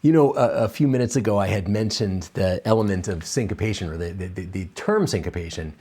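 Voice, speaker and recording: A man with a fairly low voice gives a piano lesson on video. He sounds enthusiastic and encouraging, and he pauses on fillers and restarts as he explains musical ideas. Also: a little mellow, husky. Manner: enthusiastic, encouraging, counts and scats rhythms aloud. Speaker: piano teacher.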